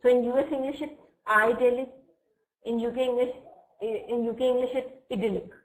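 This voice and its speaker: A woman teaching English vocabulary in a live online class. She explains each word slowly and patiently and often checks with "okay?". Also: a little high, flat delivery, warm tone, rough recording.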